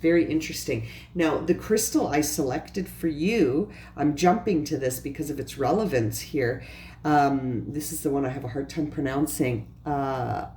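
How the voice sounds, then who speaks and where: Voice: medium pitch, normal speed, mellow, roomy sound, a little hiss or hum. Earnest tarot reader asking rhetorical questions. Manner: earnest, repetitive, addresses viewer directly with rhetorical questions. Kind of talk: pick-a-pile tarot reading.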